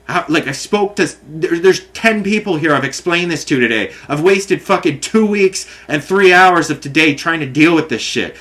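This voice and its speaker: A fed-up man vents about a billing fight in a somewhat high voice. He swears a lot, circles back over the same points, and speaks in an exasperated, repetitive way. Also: animated, moderate pace, hardly any pauses, a bit bright. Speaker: customer recounting a dispute. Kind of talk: angry personal rant.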